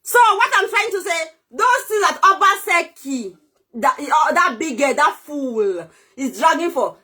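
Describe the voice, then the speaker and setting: A Nigerian-accented woman rants to the camera in a very high, sharp voice. She scolds loudly, drops to low mutters, then rises to shouting again. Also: expressive, unhurried. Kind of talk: ranting monologue to camera.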